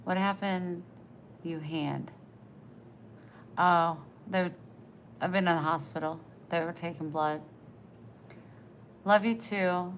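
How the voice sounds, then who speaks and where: Soft-spoken woman with a country twang. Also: lowish voice, slow, pauses often, slight background noise. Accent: American country twang. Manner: soft-spoken, drifting into near-whispers. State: short of breath. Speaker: livestreamer reading chat. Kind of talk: casual live-stream chat.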